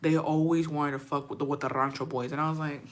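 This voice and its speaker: A woman's voice: deep voice, level tone, quick pace. A woman from Texas chatting casually on a livestream with viewers, gossiping and swearing freely and slipping Spanish phrases into her English.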